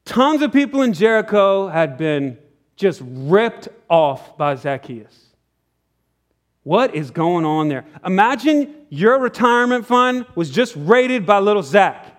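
In a church sanctuary, a male pastor preaches a sermon, telling a story with acted-out dialogue and sudden drops to a near whisper. His voice is high-pitched, sing-song and slow.

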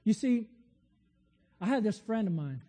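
A man's voice: sits high, animated, unhurried, mellow. Man preaching in a long-echo hall. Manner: conversational, storytelling with many restarts. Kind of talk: sermon.

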